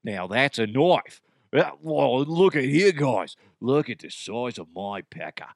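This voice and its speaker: A man's voice: mid-range voice, lively intonation, a little slow, vocal fry, no room sound, studio quality. A man voicing a brash, boozy Australian bloke with a put-on Australian accent.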